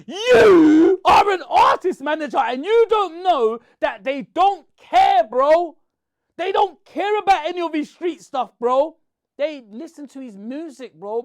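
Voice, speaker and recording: A man, shouting and confronting someone in a heated rant to camera. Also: extremely high pitch. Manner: shouting, confrontational, repeats "bro". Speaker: online commentator.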